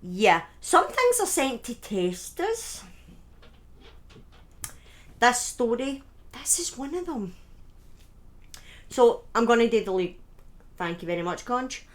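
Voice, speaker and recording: A woman chatting casually to her viewers on a live stream from home, excitable and thanking people by name. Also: on the high side, slow, long pauses. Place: at home in front of a webcam.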